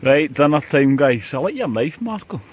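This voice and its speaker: A man's voice: mid-range voice, sing-song, moderate pace, slight background noise. A middle-aged Scottish man chatting casually on a camping vlog inside a hot tent, jokey with playful outbursts. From Scotland. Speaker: vlogger.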